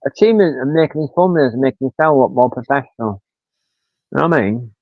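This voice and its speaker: A man's voice: medium pitch, animated, fast, no echo. Brief: man, fifties, rambling chatty host, tinny dry phone-like audio. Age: 50s. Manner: rambling storyteller, swears casually, acts out quotes. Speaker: livestream host. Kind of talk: casual chat.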